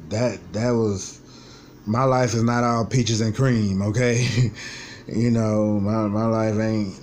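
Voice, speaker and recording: A man in his twenties with a fairly low voice talks straight into his vlog. He is frustrated and vents bluntly, with a lot of swearing. A faint hiss sits behind him. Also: little pitch movement, slow pace, darkish tone. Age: 20s. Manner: blunt, profane, frustrated venting. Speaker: vlogger. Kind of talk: personal vlog monologue.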